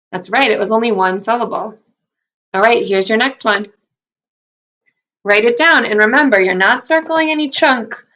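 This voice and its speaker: A woman first grade teacher giving a recorded phonics lesson, speaking slowly and clearly in an upbeat, encouraging way while sounding out letters and syllables. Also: on the high side, sharp tone.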